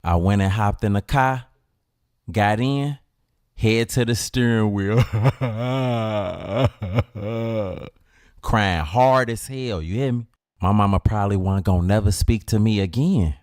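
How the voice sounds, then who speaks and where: A young man with a Chicago accent narrating a dramatic comedic story in casual slang, with drawn-out pauses. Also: on the low side, darkish tone, no echo, clean studio sound.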